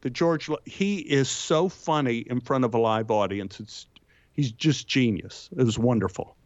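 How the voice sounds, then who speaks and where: Guy telling showbiz stories, jumpy pitch on punchlines, dead dry room. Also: normal speed, dry recording, highs cut off. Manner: lively raconteur, jumps pitch for punchlines and quotes. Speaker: actor and storyteller guest. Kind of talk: anecdotal storytelling.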